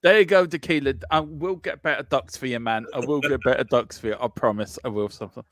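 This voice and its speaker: Male co-host, middle pitch, dry close sound, jokey, repeats himself. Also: quick pace, fairly bright tone, no room sound. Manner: playful, repeats himself in bursts. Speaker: co-host reading live chat. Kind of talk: casual live sports chat stream.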